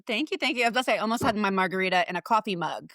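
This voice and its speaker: A woman guest author in a casual podcast chat, telling stories in a lively way, with casual swearing and plenty of filler words. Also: medium pitch, rapid-fire, no room sound, clean studio sound.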